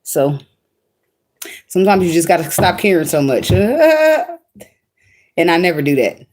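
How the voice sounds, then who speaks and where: A woman with a lowish voice talks straight to her viewers in a casual advice vlog. She is blunt and slangy, swears freely, and laughs often as she goes. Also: moderate pace, a little mellow. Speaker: tarot reader.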